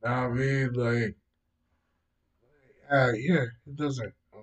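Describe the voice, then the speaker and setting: Slow, cursing man, off-mic. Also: medium pitch, fairly even intonation. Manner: dismissive, heavy swearing, rambling fillers like "yo" and "know what I mean". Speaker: host commenting on news stories. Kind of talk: casual profane commentary. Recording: voice distant from the mic.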